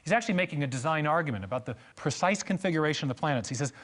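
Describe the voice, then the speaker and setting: A man's voice: a little high, lively intonation, very fast, fairly bright tone. A man giving a church lecture on science and faith, telling stories with emphatic repetition and joking asides.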